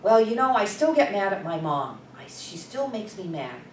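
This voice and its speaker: A woman's voice: mid-range voice, big pitch swings, normal speed, darkish tone, pitched above the performer's own voice, lightly acted. A woman quoting a little girl from a story she tells a workshop audience, in her own everyday voice with a slight lift. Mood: confiding. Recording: roomy, distant, noisy.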